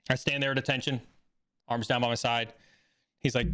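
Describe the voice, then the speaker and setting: A man hosting a live stream, telling a story in a casual, animated way that rises excitedly when he acts out a scene. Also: medium pitch, normal speed, long pauses, clear, resonant tone. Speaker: stream host.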